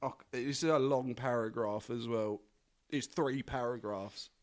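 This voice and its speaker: A man's voice: medium pitch, measured pace. A man hosting a casual podcast, joking around and often breaking into laughter. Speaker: podcast host. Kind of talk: casual podcast banter, reading a script.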